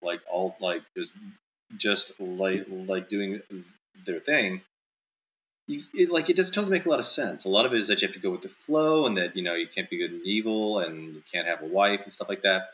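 A man's voice: deep voice, fairly quick, fairly bright tone, slight background noise, rough recording. A male author being interviewed in casual chat, talking in loose, rambling sentences full of "like" and "um". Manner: rambling, heavy with fillers like "like" and "um".

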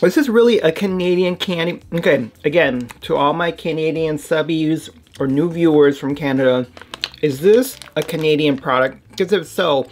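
Deep-voiced American woman vlogger, casual mouth-full snack chat, noisy crinkly recording. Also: normal speed. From United States. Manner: chatty, talks while chewing, lots of mm sounds.

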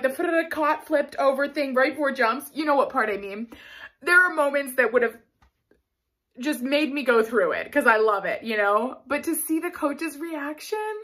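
A woman's voice: sits high, bright, forceful tone. A young woman giving a gushing, emotional reaction commentary as a vlogger, often laughing and squealing. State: out of breath.

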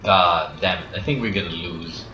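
Teasing young man with a bright voice. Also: sits low, moderate pace, dull audio, soft background music. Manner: laughing, teasing. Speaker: gamer. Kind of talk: casual gaming banter. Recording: roomy home recording.

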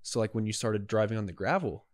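A young man co-hosting a podcast, telling a story in a casual, animated way and acting out what people said. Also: on the low side, fast, no room sound. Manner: animated, acts out dialogue. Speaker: podcast co-host.

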